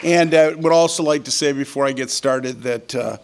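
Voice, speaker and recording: An older man telling a story from the podium at a keynote. His delivery is folksy and full of ums and uhs. His pitch sits in an ordinary middle range for a man. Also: moderate pace, noisy background. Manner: folksy storyteller, frequent filler words. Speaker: keynote speaker. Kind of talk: conference keynote speech. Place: yacht club event hall.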